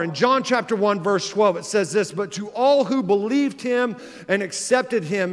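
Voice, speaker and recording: High-voiced pastor in a reverberant hall. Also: male voice. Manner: earnest, conversational storytelling that rises to emphatic exhortation. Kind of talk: sermon.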